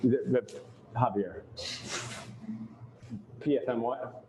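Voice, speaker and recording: A medium-pitched man speaks slowly while coaching attendees at a live dental practice workshop, joking and talking straight at them. The event room lends a roomy echo, and the sound is lo-fi with background noise.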